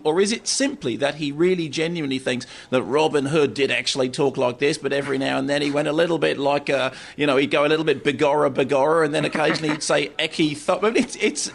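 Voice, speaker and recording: A male film critic talking on the radio, animated and emphatic, often repeating words. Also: fairly high pitch, vocal fry. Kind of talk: radio chat.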